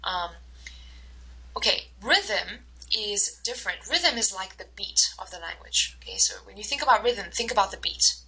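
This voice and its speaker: A woman instructor giving a recorded lecture, explaining slowly with many fillers and acting out short example dialogues. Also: medium pitch, expressive, bright, forceful tone, husky, poor audio.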